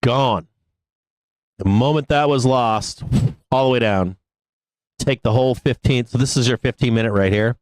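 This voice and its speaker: A man hosting a live stock trading show, talking through his charts in an angry, profane, halting way with many fillers. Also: mid-range voice, dry recording.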